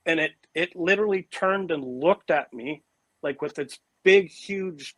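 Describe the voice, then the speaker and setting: A man in an interview, telling his story in a casual, animated way that is full of fillers and restarts. His voice sits a little high for a man. The sound is close and dry, with no room echo. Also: measured pace. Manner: animated and vivid, with frequent "like" and "you know" fillers and restarts. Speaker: interview guest recounting an encounter.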